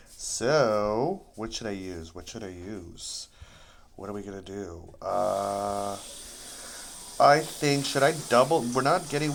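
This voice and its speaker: A man's voice: fairly low pitch, vocal fry. A man giving casual, rambling gameplay commentary, playful and talking to himself, sometimes breaking into improvised singing. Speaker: gaming video creator. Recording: loud background noise.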